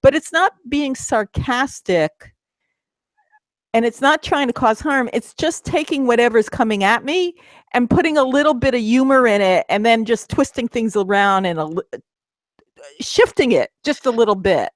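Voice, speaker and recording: A woman's voice: a little high, animated, moderate pace, no room sound. A middle-aged woman co-hosting a casual talk, chatty, with many restarts and fillers. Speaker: co-host, midlife coach. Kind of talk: casual chat.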